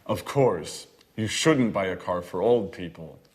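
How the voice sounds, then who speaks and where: A man playing a teasing friend with lively intonation. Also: deep voice, a little slow, husky, exaggerated voice. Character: joking male friend giving advice. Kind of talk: scripted dialogue for learners.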